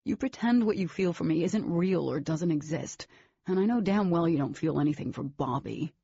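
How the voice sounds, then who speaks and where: A woman narrator voicing an intense, stubborn teenage boy who talks in a forceful, insistent way. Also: on the low side, expressive, moderate pace, gravelly, breathy edge, dull audio, full character voice.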